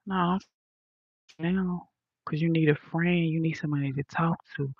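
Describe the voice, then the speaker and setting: A woman ranting bluntly and profanely to her viewers, talking softly into a headphone mic at home in a condo. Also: low voice, steady tone, takes it slowly, vocal fry, pauses often, no room sound, dull audio. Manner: blunt, profane, soft-spoken. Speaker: vlogger. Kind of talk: casual rant to viewers. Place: high-rise condo.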